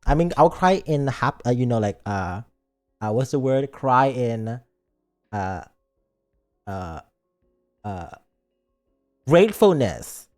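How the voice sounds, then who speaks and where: A man's voice: mid-range voice, very animated, slow, long pauses, a little mellow, soft background music. Silly, rambling male game streamer. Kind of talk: casual game stream chat.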